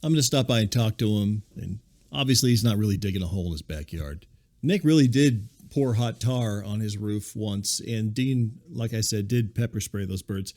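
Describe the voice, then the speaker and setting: A man's voice: on the low side, normal speed, darkish tone. A man hosting a podcast, delivering a scripted comedic monologue full of wry, incredulous digressions. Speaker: podcast host.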